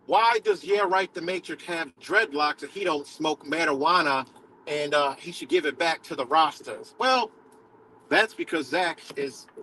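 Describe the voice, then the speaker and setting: A man hosting a live stream, ranting casually and profanely, filling pauses with "right?" and "you know?". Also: on the high side, a bit bright, a little hiss or hum. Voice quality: dreadlocks wearer talking in a loose, street-casual way.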